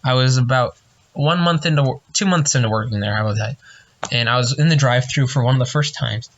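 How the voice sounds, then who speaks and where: A young man co-hosting a podcast, telling lively work stories in casual chat. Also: medium pitch, fast talker, lo-fi sound. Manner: storytelling with animated quoted voices. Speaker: podcast co-host.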